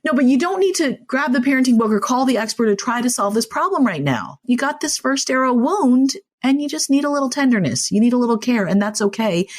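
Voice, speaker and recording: A woman's voice: high-pitched, sing-song, fairly quick, hardly any pauses. A woman speaking as a podcast guest and clinical social worker, talking in an earnest, reassuring, conversational way. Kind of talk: podcast interview.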